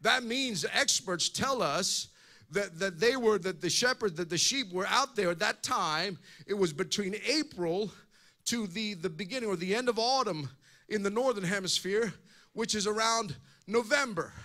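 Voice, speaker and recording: A man's voice: high voice, lively intonation, moderate pace, pushed and bright. A male pastor preaching a sermon in an impassioned way, often repeating words as he goes.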